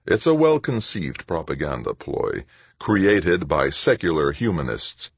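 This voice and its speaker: A man's voice: sits low, slightly rough, no echo, pitched above the performer's own voice, full character voice. A man voicing a cold, self-important hospital chief who accuses and lectures, in an audiobook. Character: stern hospital head, zealous male official.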